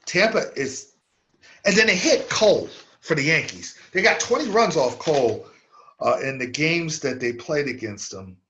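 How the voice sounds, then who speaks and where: A man's voice: fairly high pitch, very animated, normal speed, sharp tone, dull audio. A man hosting a sports radio show, delivering an opinionated, emphatic monologue that repeats words to stress a point.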